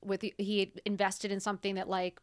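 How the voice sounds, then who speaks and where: A woman's voice: mid-range voice, completely flat delivery, brisk, clean tone. A middle-aged woman telling her story candidly as a podcast guest, blunt and swearing freely.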